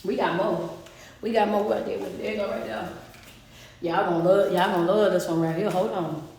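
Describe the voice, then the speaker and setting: A woman's voice: medium pitch, fairly even intonation, normal speed, darkish tone, slight background noise. A woman giving a live-streamed motivational sermon, speaking emphatically and calling out to her viewers by name. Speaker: motivational speaker and life coach. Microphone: phone livestream. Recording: echoey room.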